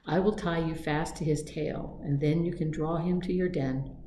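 A woman's voice: low voice, fairly even intonation, moderate pace, dark tone, a little hiss or hum, natural voice. A woman voicing an arrogant, scornful male fox in a storybook reading, sneering and boastful. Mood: sly. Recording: echoey room with faint ambience.

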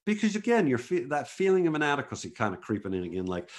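Animated American man telling stories. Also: fast talker. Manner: animated storyteller, acts out quotes with big pitch jumps. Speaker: photographer giving a talk. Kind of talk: motivational talk to an online group.

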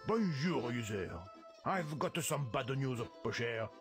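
An actor voicing a fussy game program with a put-on French accent, dropping French words in. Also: male voice, mid-range voice, animated, slow, loud music behind the voice. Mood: theatrical. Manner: theatrical, sprinkles French words.

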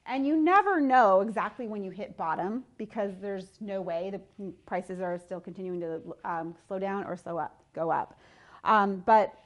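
A woman's voice: mid-range voice, normal speed, muffled recording. A woman who leads a real estate team gives a chatty, upbeat market update to a camera. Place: filmed by a videographer.

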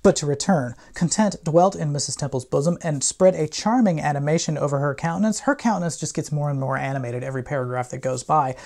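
A male professor lectures a class in a playful, irreverent style, tossing in slangy asides and reading quoted passages theatrically. His voice is a little high, gravelly, and slightly mellow.

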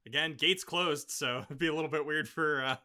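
A man's voice: fairly high pitch, a little fast, pushed and bright. A man running a tabletop game as game master, narrating with lots of fillers and laughs.

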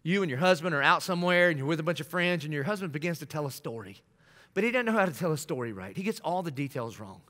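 A male pastor preaches with a bright, forceful voice sitting a little high for a man. He is humorous and keeps slipping into quick acted-out exchanges. The long reverb of a large church hall trails behind every line. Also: expressive. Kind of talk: sermon.

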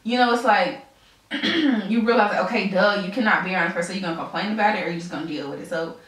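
A woman's voice: medium pitch, rapid-fire, fairly bright tone, recorded from a distance. A young woman chats as an interview guest, easygoing and full of fillers and restarts. She sits well back from the mic, and her voice rings around a very echoey room. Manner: chatty, many fillers and restarts. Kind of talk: casual conversational interview.

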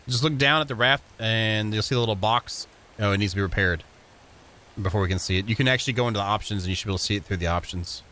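Young dude playing with his buddy, bright voice, keeps tripping over his words. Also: fairly low pitch, fast talker, a little hiss or hum. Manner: chatty, stumbles and restarts, playful. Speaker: co-player. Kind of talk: casual gameplay chat.

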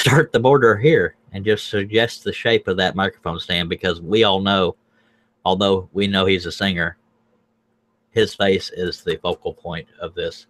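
A man's voice: low voice, fairly bright tone. A man hosting a live drawing tutorial, folksy and joking, thinking aloud as he works. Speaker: scroll saw pattern artist, livestream host.

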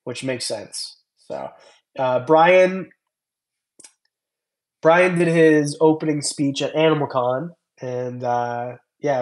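A man's voice: medium pitch, darkish tone. A young man casually chatting on his stream, rambling and thanking viewers by name as he reads their comments. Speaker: reptile channel host. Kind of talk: casual livestream chat reading comments.

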